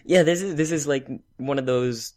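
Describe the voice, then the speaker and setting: A man's voice: mid-range voice, normal speed, a little mellow. A man co-hosting a podcast in easygoing chat, needling his partner. He stumbles and restarts as he talks, in a plain mid-range voice. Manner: teasing, stammers on restarts. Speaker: podcast co-host. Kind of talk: casual chat.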